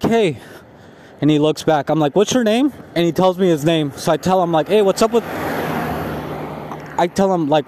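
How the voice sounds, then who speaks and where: A man's voice: on the high side, a little mellow. Swearing man ranting, faint traffic behind. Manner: heavy swearing, frustrated storytelling. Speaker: vlogger. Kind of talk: casual ranting vlog.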